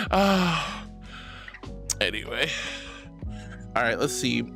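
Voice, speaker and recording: A woman's voice: on the low side, sing-song, normal speed, soft background music. A woman streamer chatting casually with viewers in a bubbly, giggly, affectionate way. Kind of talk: casual livestream chat.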